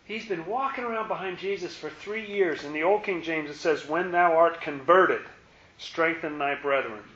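A man's voice: a little high, moderate pace, sharp tone. A man leading a Bible study in a conversational way, repeating words and asking his listeners questions. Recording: echoey room, muffled lo-fi sound.

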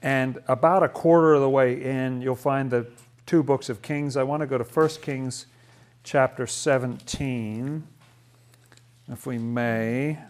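A man's voice: mid-range voice, steady tone, a little slow. A man leading a Bible study lesson. He talks thoughtfully, often restarts his sentences and asks rhetorical questions.

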